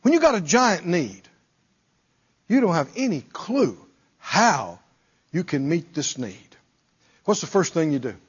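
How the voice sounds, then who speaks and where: A man's voice: a little high, big pitch swings, a little slow, pauses often, husky, highs cut off. A male preacher delivering a dramatic sermon, acting out pleading prayers and firing off rhetorical questions in folksy phrasing.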